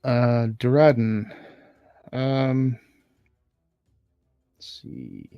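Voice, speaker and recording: Picture a man running a tabletop game, talking slowly and picking his way through the scene with plenty of ums and uhs. The sound is dry and close, with no room around it. His pitch sits in an ordinary middle range. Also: big pitch swings, gravelly, clean tone, no echo, highs cut off, faint music behind. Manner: hesitant, many filler words. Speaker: game master.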